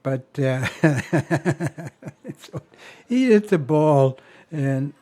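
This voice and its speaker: Slow, chuckling older man telling stories. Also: on the high side, lively intonation, warm tone. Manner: rambling, chuckling often, halting restarts. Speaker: family member sharing memories. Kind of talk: casual storytelling.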